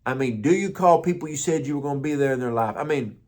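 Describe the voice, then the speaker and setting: A man's voice: mid-range voice, animated, quick pace, a little mellow. A man who is a pastor, giving a conversational motivational morning talk with stories and repeated words.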